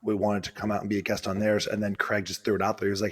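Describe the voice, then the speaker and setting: A man co-hosting a podcast with a voice that sits on the lower side. He chats casually and teases the others. He often stumbles and repeats words before getting a sentence out. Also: completely flat delivery, very fast. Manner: teasing, stammering restarts. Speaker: podcast co-host. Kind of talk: casual chat.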